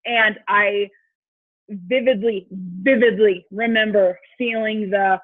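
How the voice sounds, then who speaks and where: A young woman tells a personal story to her team in a chatty, long-winded way. Her voice sits a little high. It comes through a dry, tinny phone line. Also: normal speed, no echo. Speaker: team coach on a call. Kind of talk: casual storytelling on a team call. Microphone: phone call.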